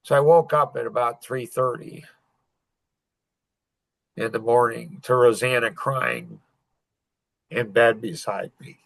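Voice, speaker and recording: An older man telling a painful personal story as a podcast guest, halting and full of restarts. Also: medium pitch, steady tone, gravelly, no echo, poor audio. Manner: halting, emotional retelling with many restarts.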